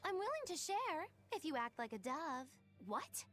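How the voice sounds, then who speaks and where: A woman's voice: very high-pitched, very animated, moderate pace, a bit bright, heavily acted. A woman voicing a mischievous, theatrical young witch in a video game, playful and teasing. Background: faint game music.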